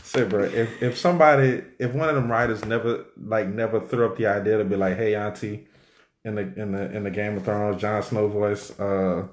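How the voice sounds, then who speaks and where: A man co-hosting a casual chat, animated and joking, full of slang and drawn-out fillers. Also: lowish voice. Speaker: podcast co-host. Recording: roomy echo.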